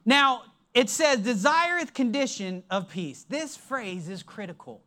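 A preacher giving a sermon in an emphatic, deliberate way, dropping his voice low to stress points. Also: lively intonation, pushed and bright.

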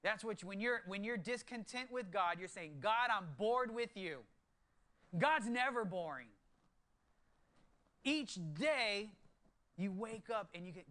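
A man in his thirties preaching a sermon to his church, moving from hushed, earnest low tones to excited bursts. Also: unhurried, pauses often. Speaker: pastor.

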